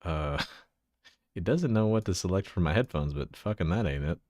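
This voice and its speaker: Showing off his avatar model, a Central Texas streamer chats casually and profanely, laughing a lot while adjusting his settings. His low, darkish voice is animated and moves at normal speed. The recording is dry.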